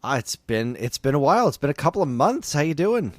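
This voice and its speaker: A man's voice: fairly high pitch, very animated, quick pace. A man hosting a video game music podcast, chatting in a playful, joking way. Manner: playful, jokey banter. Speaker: podcast host. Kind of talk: casual chat.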